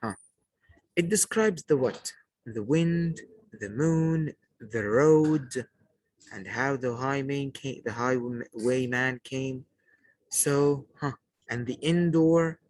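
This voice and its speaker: A man's voice: medium pitch, darkish tone, no room sound, rough recording. A man teaching a poetry lesson to a class, asking questions and praising the answers, and repeating key points. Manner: slow, repetitive teaching delivery.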